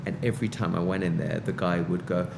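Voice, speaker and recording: A man's voice: deep voice, fairly even intonation, fast talker, vocal fry, background noise. Wry British man telling stories. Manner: wry, self-mocking storyteller. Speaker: musician guest. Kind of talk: casual interview chat.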